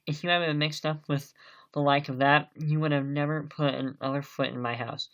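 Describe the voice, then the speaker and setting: A man reading aloud as a crafty, blustering one-legged tavern landlord in an audiobook, speaking loudly and sternly. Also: fairly high pitch, flat delivery, normal speed. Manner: loud, stern scolding.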